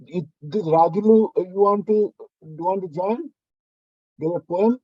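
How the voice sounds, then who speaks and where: A man hosting a virtual poetry meet, introducing the readers in a relaxed, hesitant way with many fillers. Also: high voice, normal speed, no echo. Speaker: event host. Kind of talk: casual hosting. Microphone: video call. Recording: dry, muffled video call audio.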